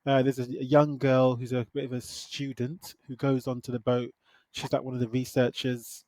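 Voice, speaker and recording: A man from the UK co-hosting a podcast, casually reviewing films in a slangy, relaxed way with lots of asides. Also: mid-range voice, moderate pace, no echo. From United Kingdom. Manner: laid-back, slangy, retells plots with asides. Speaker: podcast co-host. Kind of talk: casual film review chat.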